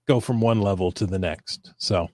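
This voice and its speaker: A man's voice: lowish voice, moderate pace, darkish tone, dry recording, clean studio sound. A man hosting a casual podcast chat, talking loosely with restarts and easy laughter. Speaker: podcast host.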